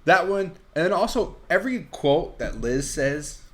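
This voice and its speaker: A man's voice: a little high, big pitch swings, normal speed. A man co-hosting a movie podcast in casual chat, animatedly retelling scenes, laughing often and speaking candidly, a little crude. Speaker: podcast co-host.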